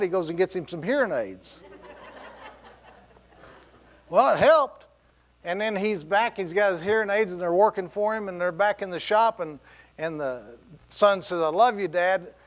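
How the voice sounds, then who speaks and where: A man's voice: high-pitched, brisk. A middle-aged man preaching a sermon in a church, telling stories with laughs and quoted voices. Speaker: pastor. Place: church sanctuary.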